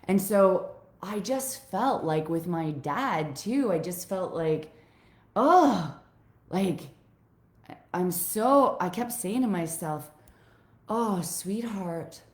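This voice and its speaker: Slow, emotional swearing woman coach. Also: on the low side, animated, reverberant. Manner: raw, swearing, heartfelt. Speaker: life coach. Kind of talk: emotional personal vlog to viewers.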